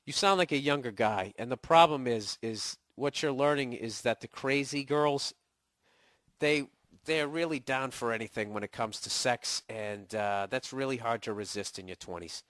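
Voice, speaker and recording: A Boston-accented man in his forties, getting over a cold, hosts a podcast and answers listener emails in a casual, ranting monologue that's profane, sarcastic, and full of mocking impressions. His voice is medium-pitched and a bit bright at a normal speed, recorded clean in a studio with no echo.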